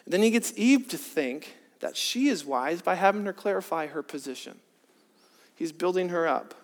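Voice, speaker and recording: A man preaching a sermon, earnest, moving from hushed, drawn-out points to emphatic rhetorical questions. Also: high-pitched. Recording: long reverb of a large hall.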